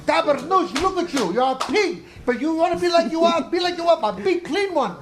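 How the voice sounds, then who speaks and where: A man putting on the voice of a blunt, fatherly older man, scolding someone loudly. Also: extremely high pitch, sing-song, a little fast, background noise, voice pushed up.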